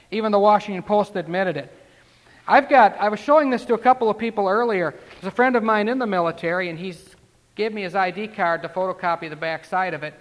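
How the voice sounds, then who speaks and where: A man's voice: sits high, big-room sound. A man preaching a sermon, talking conversationally and then building to emphatic declarations. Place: church.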